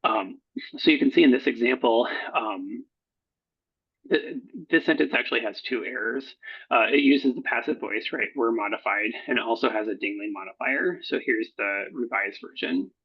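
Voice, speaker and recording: A man who edits research proposals, talking through slides in a recorded workshop, halting often with fillers and self-corrections. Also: mid-range voice, breathy edge. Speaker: proposal editor. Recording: dull lo-fi recording.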